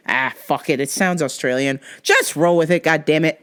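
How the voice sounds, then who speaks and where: A woman's voice: low voice, normal speed, hardly any pauses. A woman hosting a comedy podcast, telling stories with lots of swearing and frequent laughter. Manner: profane, laughs often, animated storytelling. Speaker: podcast host.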